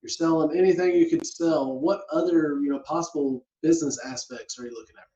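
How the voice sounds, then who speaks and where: Man, podcast host, easygoing, encouraging, mellow, dull echoey recording. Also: a little high, a little fast. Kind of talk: interview. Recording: dull, echoey room sound.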